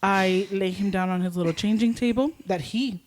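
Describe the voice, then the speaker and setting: A woman's voice: mid-range voice, normal speed, a little hiss or hum. Young woman on a podcast, chatty storytelling, voice jumps way up when she acts out screaming. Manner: animated, acts out panicked shouts. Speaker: podcast co-host. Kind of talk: casual storytelling chat.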